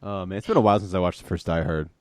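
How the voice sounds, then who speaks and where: A man co-hosting a casual podcast, talking in a rambling way with lots of fillers and animated retellings. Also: sits low, very fast, no echo. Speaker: podcast co-host. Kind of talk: casual chat.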